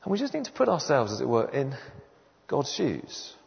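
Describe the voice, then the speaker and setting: Animated preacher in a reverberant hall. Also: male voice, mid-range voice, normal speed, vocal fry. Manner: animated, conversational, asks the audience questions. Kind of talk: sermon. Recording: dull sound in a long-reverb hall.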